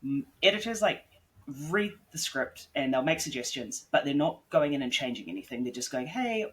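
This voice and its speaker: A man's voice: medium pitch, a little fast, fairly bright tone. A man on a casual podcast interview, talking bluntly and swearing freely, rambling with lots of "like" as he explains his work. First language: English. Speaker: guest author and editor.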